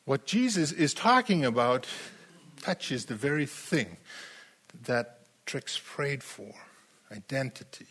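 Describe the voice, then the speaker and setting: A man preaching a sermon in a slow, emphatic way, repeating phrases as he builds his point. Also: mid-range voice, lively intonation, a bit bright, slightly rough.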